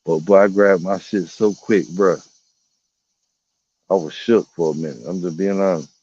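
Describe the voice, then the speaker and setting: A man's voice: low voice, fairly even intonation, moderate pace, a little mellow, breathy edge, no echo, highs cut off. A man vlogging outdoors in the woods, telling rambling, profane stories and putting on voices for animals. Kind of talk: casual storytelling vlog.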